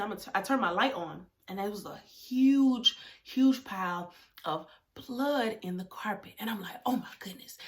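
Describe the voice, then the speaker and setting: A young adult woman vlogger telling a personal story in a casual, animated way, talking straight to her viewers and dropping to a hush for asides. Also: on the high side. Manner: animated, talks straight to viewers, drops to hushed whispers for asides.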